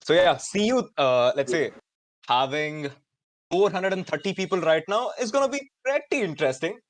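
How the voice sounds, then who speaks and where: A man in his twenties with an Indian English accent, hosting a live online student event in an energetic, chatty way with many fillers. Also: a little high, moderate pace, no echo. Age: 20s. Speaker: host.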